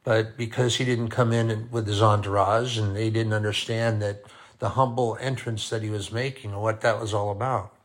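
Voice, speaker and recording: A man preaching a sermon, deliberate and repeating key phrases for emphasis. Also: lowish voice, steady tone.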